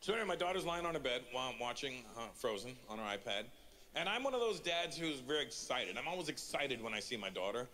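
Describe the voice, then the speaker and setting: A man's voice: mid-range voice, sing-song, quick pace, bright, forceful tone, a little hiss or hum. A man in his forties from Canada performing a stand-up comedy routine, telling a story and acting out the quotes. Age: 40s.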